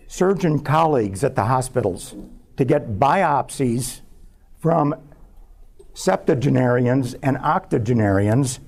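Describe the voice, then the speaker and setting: A man, a scientist, giving a public talk as a measured personal story about his research. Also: mid-range voice, creaky, warm tone. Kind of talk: lecture told as a personal story.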